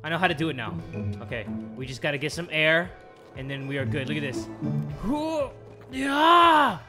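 A young man giving loud, swearing let's-play commentary over a skateboarding game, yelling and laughing as he plays. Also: medium pitch, fast talker. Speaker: gaming YouTuber. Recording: game music in the background.

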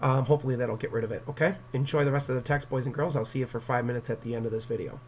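In a mid-range, darkish voice, a male English teacher speaks rapid-fire during a recorded class lecture on an external mic. He explains the story directly to his students and acts out quotes. The recording is low quality with slight background noise.

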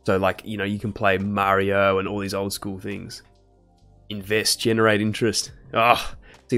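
A man's voice: lowish voice, completely flat delivery, moderate pace, sharp tone, clear, resonant tone, soft background music. A young man chatting casually with his live-stream chat while he studies medicine. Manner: casual, chatty, laid-back slang.

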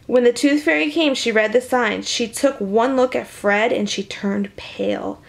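A woman reading a picture book aloud to children on camera in an animated, chatty way, often dropping to a whisper. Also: on the high side, measured pace, vocal fry. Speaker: children's story reader.

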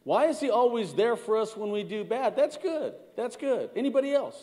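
Man, middle-aged pastor, high voice, sermon, conversational, long reverb of a church hall. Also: lively intonation, moderate pace, warm tone. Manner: conversational, calls to the congregation, repeats words. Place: church sanctuary.

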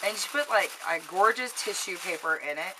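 A woman's voice: mid-range voice, animated, brisk, pushed and bright, a little hiss or hum, low-quality recording. A woman chatting casually to a camera about makeup and gifts, bubbly and gushing. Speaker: beauty vlogger. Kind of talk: casual haul chat to camera.

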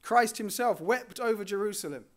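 A male preacher with a fairly high voice delivers a sermon in an earnest way. He swells on important words and then sinks to quiet, low endings. His pitch sits above most men's. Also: expressive, normal speed. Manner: earnest, rising on key phrases and dropping softly at line ends.

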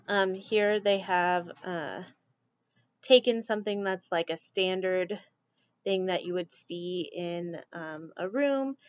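A woman teacher talking through slides in a relaxed, chatty way, with frequent ums. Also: lowish voice, slow. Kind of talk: classroom slideshow lecture. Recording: dull lo-fi dry recording.

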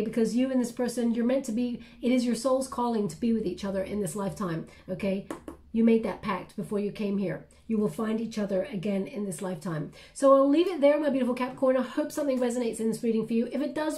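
A woman's voice: fairly high pitch, fast, warm tone. A woman giving a casual tarot reading to her viewers, chatty and reassuring, full of fillers and "okay?" checks. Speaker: tarot reader.

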